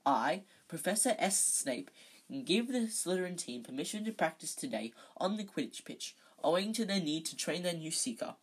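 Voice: medium pitch, sing-song, moderate pace, breathy edge. A reader doing a smug hulking rival boy. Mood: taunting. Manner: sly, taunting.

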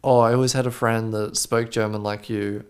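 A man co-hosting a podcast in casual chat, playful and joking, quick to laugh. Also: on the low side, flat delivery, darkish tone, clean tone. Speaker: podcast co-host.

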